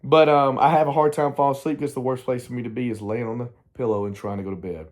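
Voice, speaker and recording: In his personal vlog, a middle-aged man speaks to the camera at a quick pace in a medium-pitched voice with fairly even intonation. He's candid and meandering, frequently trailing off and cutting himself off to start again.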